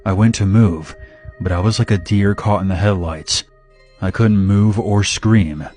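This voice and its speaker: A man narrating a scripted first-person horror story in a steady, dramatic way. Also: lowish voice, a little slow, faint music behind.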